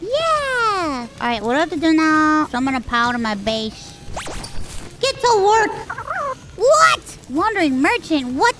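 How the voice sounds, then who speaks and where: A woman streamer giving excitable live commentary on a game she is playing, squealing, swearing and cooing cutely at creatures. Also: high-pitched, normal speed, few pauses. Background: game music.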